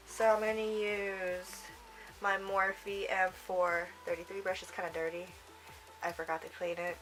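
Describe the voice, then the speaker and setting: A woman's voice: lowish voice, flat delivery, moderate pace, over music, poor audio. A young woman giving a casual makeup tutorial, chatty and rambling, often trailing off and giggling to herself. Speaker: makeup vlogger.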